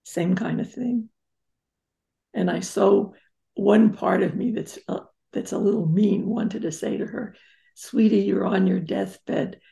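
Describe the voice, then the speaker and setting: An older woman speaks as a therapist guest, telling family stories in a reflective, emphatic way. Her voice is deeply gravelly with heavy vocal fry. Her tone is dark and mellow. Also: measured pace. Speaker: psychotherapist guest. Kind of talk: interview storytelling.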